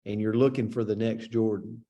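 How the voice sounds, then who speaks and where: A man's voice: on the low side, little pitch movement, a little fast, dark tone. A man coaching a team on a video call, speaking in a reflective, earnest way. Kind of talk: motivational talk on a video call.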